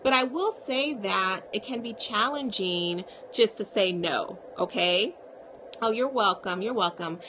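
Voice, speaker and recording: A woman's voice: medium pitch, unhurried, fairly bright tone, slight background noise. A woman psychiatrist talking casually to viewers on a live stream, reassuring and often checking in with "okay?".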